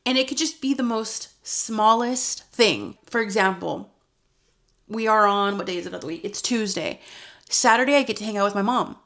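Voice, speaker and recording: Here a young female lifestyle vlogger confides in her camera, her medium-pitched, fairly bright voice moving at a normal speed. Chatty and sincere, she now and then becomes emotional but brushes it off with a laugh.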